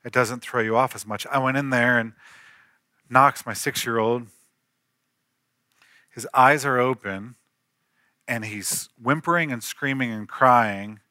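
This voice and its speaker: A man's voice: medium pitch, unhurried, long pauses, bright, forceful tone, no echo, studio quality. A man in his thirties, a pastor, preaching an earnest storytelling sermon that rises to emphatic peaks.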